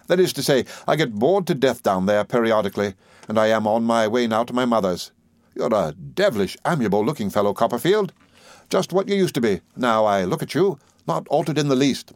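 A man reading an audiobook, voicing a jaunty, self-assured young gentleman. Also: mid-range voice, expressive, fairly quick, dry recording, natural voice. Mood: breezy. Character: breezy, confident young gentleman. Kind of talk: audiobook character voice.

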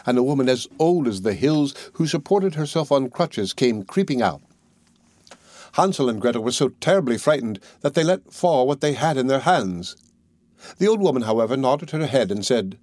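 A man's voice: mid-range voice, dry recording, clean studio sound. Man reading a fairy tale. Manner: measured, even storybook narration. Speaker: storyteller.

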